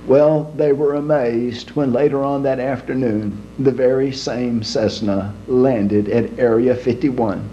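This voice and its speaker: A man telling jokes in a folksy, unhurried storytelling manner. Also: mid-range voice, steady tone, warm tone. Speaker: joke teller. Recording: dull lo-fi home recording with faint hum.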